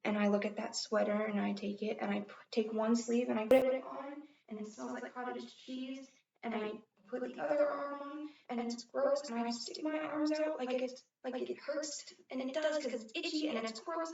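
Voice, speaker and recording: Brief: woman as a hurt, earnest eleven-year-old girl on a competition stage, halting and restarting, distant and roomy. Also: sits high, fairly even intonation, creaky, a little mellow. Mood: tearful. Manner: earnest first-person storytelling with halting restarts. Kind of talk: competitive dramatic interpretation. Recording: roomy, dull, from far off.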